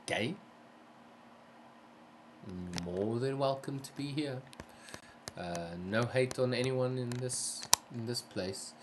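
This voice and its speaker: A man's voice: mid-range voice, slow pace, background noise. A man hosting a live game stream, chatting casually with viewers and asking polite, careful questions while sounding tired. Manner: easygoing, careful and polite, asks many questions. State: tired, yawning. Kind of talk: casual live-stream chat, reading chat aloud.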